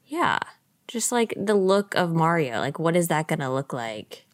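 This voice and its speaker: A woman co-hosting a podcast, reading out news and chatting playfully with frequent laughs. Her voice sits on the low side but moves around a lot in pitch, recorded dry and close. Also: very animated, measured pace, no echo. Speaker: podcast co-host. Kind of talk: casual chat, reading news.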